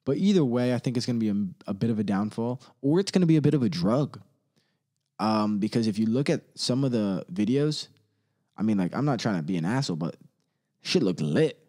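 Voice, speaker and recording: Rambling, profane man with a mellow voice. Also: on the low side, expressive. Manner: rambling, profane, laughing often, quick mimicry of others. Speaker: solo commentator. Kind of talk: casual ranting commentary.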